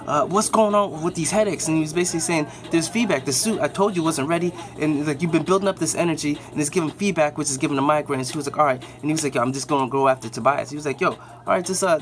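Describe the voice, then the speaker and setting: A man with a slightly raised voice rambles through a casual recap of a show. He talks in relaxed slang with lots of fillers and restarts. He jumps his pitch up when he quotes the characters. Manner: loose, rambling retelling with slang and many fillers.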